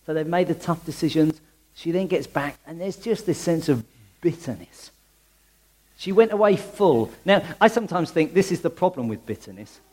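A man preaching a conversational sermon in a church, full of rhetorical questions and quick restarts. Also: a little high, lively intonation, a little mellow.

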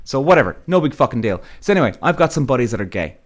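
A man's voice: mid-range voice, sing-song, rapid-fire. A man hosting a podcast, telling a story in a blunt, profane, casual monologue. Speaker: podcast host.

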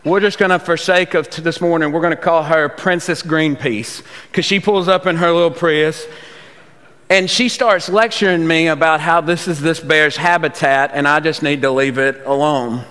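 A man's voice: on the high side, moderate pace, fairly bright tone, clear, resonant tone. A man, a youth pastor giving a sermon in a folksy, conversational storytelling way. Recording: long reverb of a large hall.

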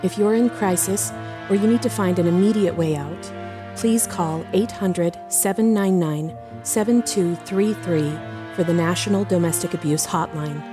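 A woman with a slightly low voice reads a scripted outro for her podcast in a calm, earnest tone. Clear music plays underneath her voice. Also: moderate pace. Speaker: podcast co-host.

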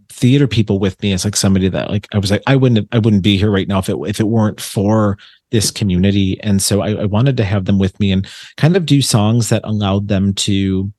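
Low-voiced man telling rambling stories. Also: a little mellow, dry recording. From Buffalo, New York. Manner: rambling storyteller with many fillers and restarts. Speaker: medium, podcast guest. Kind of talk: casual chat.

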